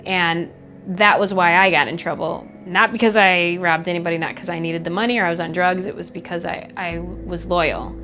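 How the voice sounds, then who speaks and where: A young woman from Chicago telling her personal story in a documentary interview, candid and reflective, halting often with fillers. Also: fairly low pitch, steady tone, pushed and bright. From Chicago, USA. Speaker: MMA fighter. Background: faint background music.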